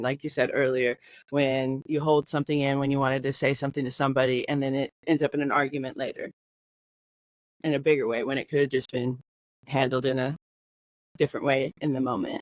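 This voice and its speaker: A woman co-hosting a podcast in casual chat, relaxed and rambling, building analogies as she talks. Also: extremely low pitch, a little fast, no echo. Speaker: podcast co-host.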